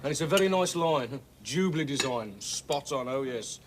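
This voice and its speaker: A man's voice: mid-range voice, expressive, normal speed, slight background noise, close to an everyday voice. An actor playing a chatty crockery salesman who complains about rude shopkeepers. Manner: aggrieved, chatty, mimics others.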